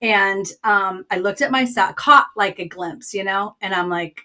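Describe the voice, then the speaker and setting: Woman, interview guest, trained counselor, chatty, expressive, storytelling, mid-pitched voice. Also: a little slow. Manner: chatty and expressive, many "like" and "um" asides. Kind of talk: personal storytelling in a casual interview.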